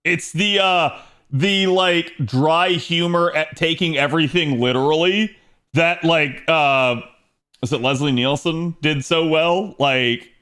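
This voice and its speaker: A man with a voice on the high side, sharp and clean in tone, takes his time as he streams a game. He's chatty, laughs often, and talks with his viewers while playing.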